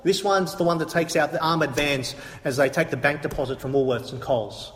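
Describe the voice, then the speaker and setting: A man's voice: fairly high pitch, fairly even intonation, brisk, fairly bright tone, a little hiss or hum. A man preaching a sermon to a congregation, emphatic and repetitive, asking rhetorical questions. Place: church hall. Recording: echoey hall from a distance.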